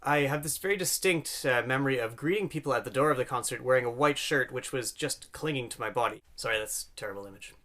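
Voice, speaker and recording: A man's voice: medium pitch, fast, few pauses, bright, forceful tone. Chatty self-deprecating Canadian man. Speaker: pianist and concert series host. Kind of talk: casual video introduction.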